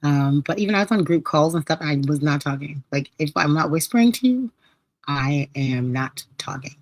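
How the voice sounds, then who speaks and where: A woman hosting a live podcast stream, her voice a little hoarse as she recovers from losing it, chatting casually and playfully with listeners. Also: low-pitched, lively intonation, normal speed, no room sound, rough recording. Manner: chatty, laughing, storytelling with playful quoted asides. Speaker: podcast host.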